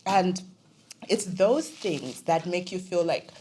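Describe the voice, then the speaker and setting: A young Zambian woman, a podcast guest, telling personal stories with lively quoted voices in casual conversation. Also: fairly low pitch, takes it slowly, slight background noise. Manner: animated storytelling, quoting family in other voices.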